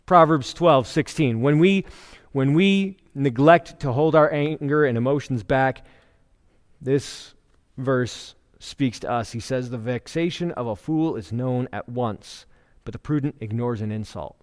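A man's voice: mid-range voice, unhurried. Man preaching in a reverberant hall. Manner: conversational preaching with joke storytelling. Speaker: pastor. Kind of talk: sermon.

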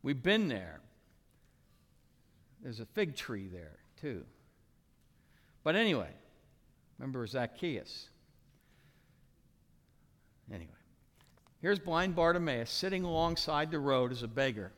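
A man preaching an animated sermon, dramatically acting out the characters in his story with sudden shouts and hushed asides. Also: medium pitch, takes it slowly, long pauses, long reverb tail. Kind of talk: animated sermon with acted-out voices.

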